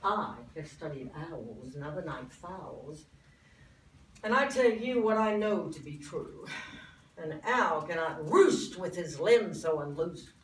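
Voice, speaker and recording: A woman's voice: low voice, lively intonation, slow, echoey room, recorded from a distance, slight background noise, low-quality recording. A woman voicing an indignant young man who lectures as a self-styled bird expert, in a dramatic poetry recitation. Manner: lecturing, exasperated, theatrical.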